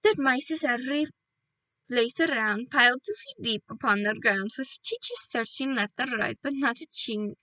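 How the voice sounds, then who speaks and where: A woman reading a storybook aloud and voicing a fierce, ancient witch leader who shouts and gloats in broken grammar. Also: a little high, animated, moderate pace, no echo, low-quality recording. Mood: chanting.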